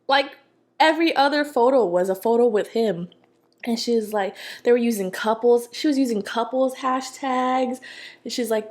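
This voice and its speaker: Sassy young woman telling a story. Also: fairly high pitch. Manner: animated, sassy, slangy. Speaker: mukbang vlogger. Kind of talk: casual storytelling while eating.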